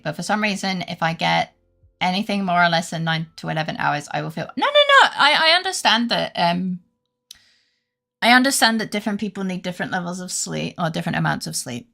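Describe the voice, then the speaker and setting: A British woman talks to her live viewers in a loose, rambling way, swearing freely and poking fun at herself. Her voice is bright and sharp, with a gravelly crackle at the ends of phrases. Soft music plays quietly behind her. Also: on the low side, brisk, pauses often. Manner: rambling, sweary, self-deprecating, laughs often. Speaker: live streamer. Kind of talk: casual chat with live viewers.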